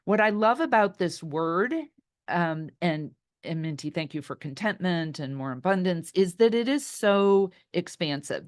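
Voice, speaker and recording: A middle-aged woman leading an online workshop over a video call. She tells stories and talks chattily, reacting to the chat as she goes. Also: sits low. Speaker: workshop leader. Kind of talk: storytelling talk in an online workshop.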